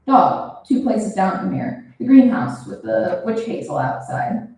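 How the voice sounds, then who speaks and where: A woman's voice: medium pitch, big pitch swings, unhurried, creaky, warm tone. A woman reading as a flustered young barista boy. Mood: confessing. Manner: hesitant, stumbling over words. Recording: roomy, from a distance.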